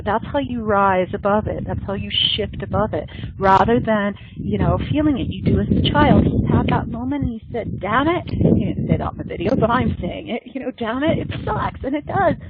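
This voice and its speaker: A woman's voice: mid-range voice, moderate pace, heavy background noise. A woman leading a meditation gathering, speaking in an earnest, flowing way that often repeats and restarts phrases. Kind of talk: meditative spiritual talk. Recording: dry, tinny phone-like sound.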